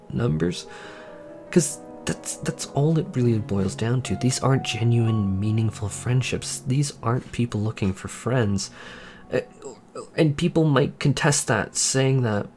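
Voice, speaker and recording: A man, a gaming YouTuber, speaking in a candid personal monologue, earnest and frustrated, halting with repeated restarts. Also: medium pitch, vocal fry, a little mellow.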